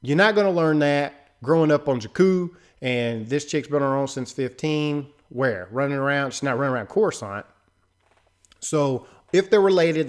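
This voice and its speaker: A man hosting a casual commentary video, talking loosely and conversationally with frequent filler asides. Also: mid-range voice. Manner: loose and conversational, fills with "right?" and "you know". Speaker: host. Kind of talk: casual commentary on a film trailer.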